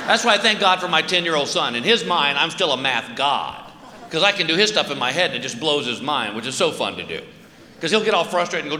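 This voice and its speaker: Animated high-voiced male stand-up comic. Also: fast. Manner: animated, exaggerated character voices and shouts. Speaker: stand-up comedian. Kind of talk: stand-up comedy routine. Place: stage in a large hall. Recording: live hall with audience noise.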